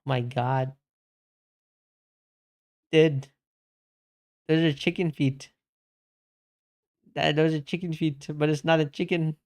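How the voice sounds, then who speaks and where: A man's voice: fairly high pitch, fairly even intonation, slow pace, long pauses, a little mellow. A young man streaming games, chatting casually with his chat and reading messages aloud, laid-back and saying "bro" a lot. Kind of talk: casual live-stream chat while gaming.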